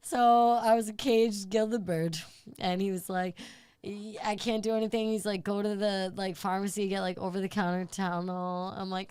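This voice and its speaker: A woman guest on a podcast, telling a story in a casual, animated way, swearing and acting out the people in it. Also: medium pitch, normal speed, smooth, dry recording, studio quality. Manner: animated, profane, acts out others in the story.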